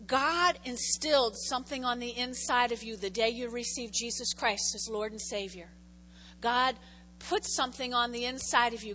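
A woman preaching a lively sermon, reading scripture aloud and calling on the congregation to answer. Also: high voice. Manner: animated, calls on the congregation to respond. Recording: long hall reverb.

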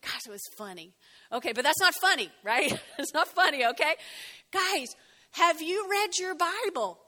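A woman pastor preaching a lively sermon, chatty and animated, joking and laughing with her congregation. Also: high-pitched, moderate pace. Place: church hall. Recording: long hall reverb. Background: congregation shouting out.

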